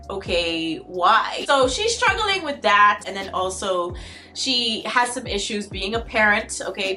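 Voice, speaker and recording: Chatty young woman from the Bahamas. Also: medium pitch. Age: 20s. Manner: chatty and incredulous, with lively exclamations. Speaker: video reviewer. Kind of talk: casual TV recap.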